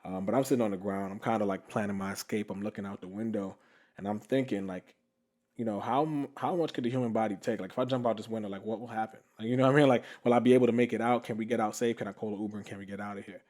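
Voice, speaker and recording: A man's voice: on the low side, racing. A young man hosting a podcast, telling a story casually with lots of fillers and laughter. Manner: animated, laughing, many fillers. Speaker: podcast host.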